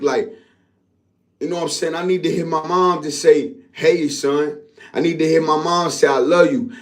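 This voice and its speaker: Grieving young man venting, raw and profane. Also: a little high. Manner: profane, repetitive, keeps asking "you know what I'm saying". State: grieving, distraught. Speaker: vlogger venting to camera. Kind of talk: raw emotional monologue.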